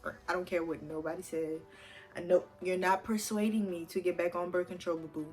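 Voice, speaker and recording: A woman's voice: on the low side, fairly even intonation, brisk, darkish tone, husky, soft background music. A woman, chatting casually and animatedly to her viewers as she tells a personal story, swearing freely along the way. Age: 20s. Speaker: vlogger.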